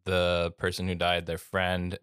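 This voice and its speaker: A man's voice: deep voice, completely flat delivery, measured pace, fairly bright tone, smooth, no echo, studio quality. A man hosting a podcast, chatting casually in loose, hedging sentences. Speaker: podcast host. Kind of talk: casual chat.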